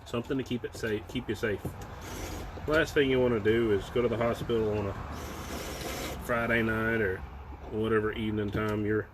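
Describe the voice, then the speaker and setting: A man's voice: fairly low pitch, normal speed, pauses often. A man with a Southern US accent, casually explaining a wiring project with lots of fillers. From American South. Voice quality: relaxed, rambling with fillers. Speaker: workshop video host. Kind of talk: casual how-to talk. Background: clicks and workshop noise.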